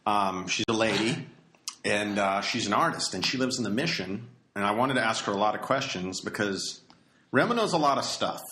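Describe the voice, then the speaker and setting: A man's voice: fairly low pitch, moderate pace, sharp tone. A man hosting a casual podcast chat, telling profane stories that often stop and restart mid-sentence. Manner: rambling, profane storytelling with stop-start restarts. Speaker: podcast host. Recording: echoey room with faint noise.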